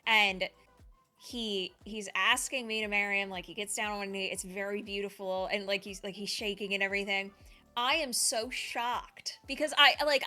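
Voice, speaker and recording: A woman's voice: mid-range voice, sharp tone. A young woman co-hosting a casual chat, telling a candid, rambling story. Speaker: podcast co-host.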